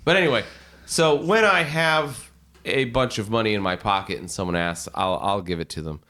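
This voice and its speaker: A man on a podcast, telling anecdotes in animated, profane style and acting out the people in them. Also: fairly low pitch, normal speed. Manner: animated, profane, does voices when telling stories. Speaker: podcast guest. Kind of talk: casual storytelling.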